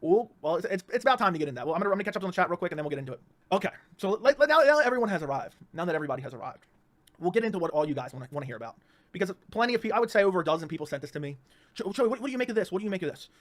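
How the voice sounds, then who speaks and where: A man talking at a breakneck pace in a fairly high voice, hosting a livestream from a home setup. He rants heatedly, doubles back on his words and restarts sentences often. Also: big pitch swings. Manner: rapid, repetitive, stumbling restarts. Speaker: livestream host.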